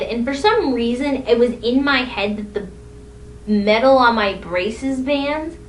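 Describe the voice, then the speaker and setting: A young woman telling rambling, self-deprecating stories from her own life in a casual vlog. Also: fairly bright tone. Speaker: vlogger. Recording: echoey room, distant mic, faint rumble.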